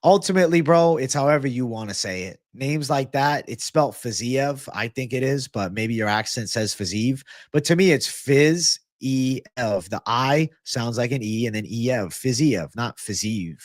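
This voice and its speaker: A man's voice: mid-range voice, normal speed, few pauses, no echo, studio quality. A young man hosting a live MMA and fitness stream, chatting casually, swearing and thanking viewers. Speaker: livestream host.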